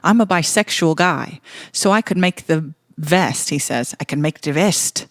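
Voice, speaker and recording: A woman reading out a man's letter in a deliberately bad put-on Irish accent, with an exaggerated, halting comic delivery. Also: low voice, no room sound, studio quality. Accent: put-on Irish, done badly.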